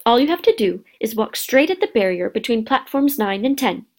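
A woman voicing a kind, plump mother giving gentle directions in a storybook reading. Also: a little high, very animated, a little fast. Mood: kindly.

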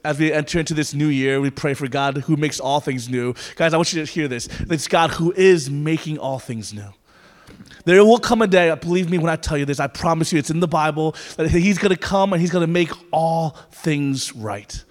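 This man's voice is a little high and his speed is normal as he preaches to a church sanctuary. Conversational and sometimes playful, his sermon eventually shifts into earnest prayer, all captured in an echoing hall.

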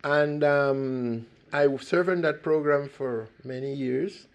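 Older man, from Costa Rica, public talk, earnest and emphatic, gravelly voice. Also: a little high, slow. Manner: earnest, emphatic, with sudden loud rises. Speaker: speaker giving a talk.

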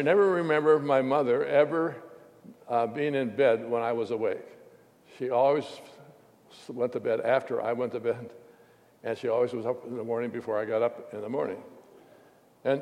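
A pastor giving a sermon, telling a heartfelt personal story in a reflective way. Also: male voice, mid-range voice, darkish tone. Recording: long hall reverb.

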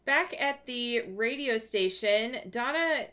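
A woman's voice: on the high side, lively intonation, fairly bright tone. A woman co-hosting a podcast, casually recapping TV scenes with a chatty manner. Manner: chatty, recounting scenes with quick laughs. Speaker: podcast co-host.

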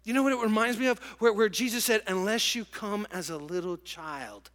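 Bright-voiced middle-aged pastor preaching. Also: male voice, sits high, fairly quick. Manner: animated storytelling, emotional. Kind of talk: sermon. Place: large church auditorium with congregation. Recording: long church hall reverb.

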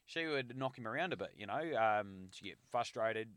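A mid-pitched man talks casually with a friend. His pitch rises and falls freely, and he slips in jokey asides. The recording is dry and close. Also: normal speed, no echo. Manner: chatty, with lively pitch and joking asides. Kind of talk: casual chat.

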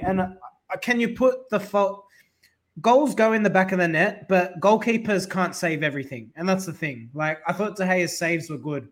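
Male podcast host, fairly high voice, animated and jokey, casual fan chat. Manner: animated, jokey, addresses listeners by name.

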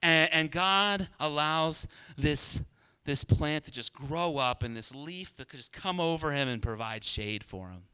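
A pastor preaching a sermon in a humorous, conversational way, laughing often. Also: male voice, on the high side, unhurried, bright, forceful tone, smooth. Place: church.

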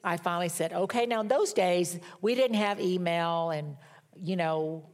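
A woman's voice: fairly low pitch, unhurried. Candid middle-aged woman preaching. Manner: animated storytelling, candid and self-mocking. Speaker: pastor. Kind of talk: sermon.

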